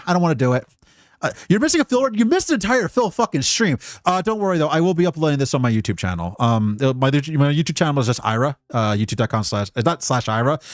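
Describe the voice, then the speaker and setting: Scottish male streamer, rambling sweary commentary, a bit high-pitched, dry. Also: no echo. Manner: rambling, profane, full of restarts. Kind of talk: casual live-stream commentary.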